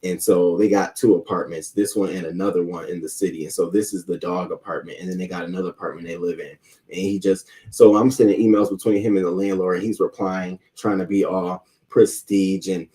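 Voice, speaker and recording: A man's voice: sits low, steady tone, brisk, dark tone, far from the mic. A man hosting a live stream, greeting chat viewers by name and ranting in a heated, profane way about a neighbor's barking dog. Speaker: host. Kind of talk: casual live-stream rant.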